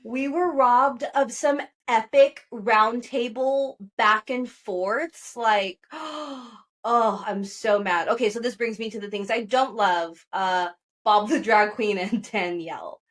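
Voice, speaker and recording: Woman gabbing on a podcast, highish voice, acts out everybody's lines. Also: takes it slowly. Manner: animated gossiping, acts out quotes. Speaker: podcast co-host. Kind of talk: casual pop culture chat.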